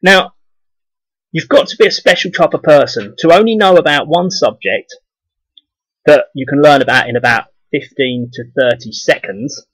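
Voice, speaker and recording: Husky man ranting bluntly. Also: fairly high pitch, normal speed, a bit bright, dry recording, poor audio. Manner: blunt, profane, scornful. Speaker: video blogger. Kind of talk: casual ranting monologue to camera.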